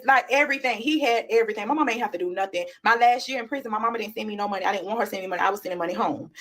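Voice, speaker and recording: A woman, telling a casual storytime about her past to her viewers, animated and slangy. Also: mid-range voice. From Florida, USA. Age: 30s. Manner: animated, slangy, addresses viewers as y'all and child.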